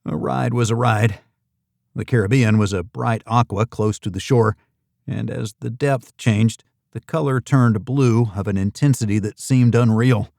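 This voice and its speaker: A man narrates a first-person thriller audiobook at a steady, measured pace. His mid-range voice has a noticeable gravelly grain. The recording is dry and close, with no room echo. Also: medium pitch.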